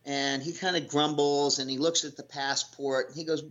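A man's voice: on the high side, fairly even intonation, moderate pace, a bit bright. A man from the United States telling a travel anecdote in a casual, rambling way, full of fillers and restarts. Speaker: guest telling a sailing story. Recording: lo-fi dull audio.

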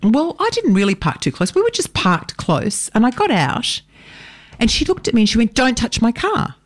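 Animated woman, lively joking. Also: fairly high pitch, normal speed. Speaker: guest performer. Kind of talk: casual radio chat. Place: radio studio.

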